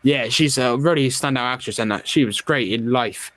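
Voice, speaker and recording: A man's voice: mid-range voice, normal speed, a bit bright, no room sound. Chatty man, dry close sound. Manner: opinionated, chatty with filler words. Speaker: podcast host. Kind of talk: casual film review chat.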